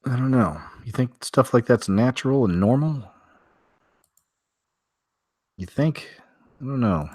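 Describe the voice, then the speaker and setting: A man's voice: mid-range voice, lively intonation, unhurried, pauses often, darkish tone, slightly rough, dry recording, clean studio sound. A man hosting a weekly strange-news show from home, talking casually and rambling through stories with many fillers and restarts.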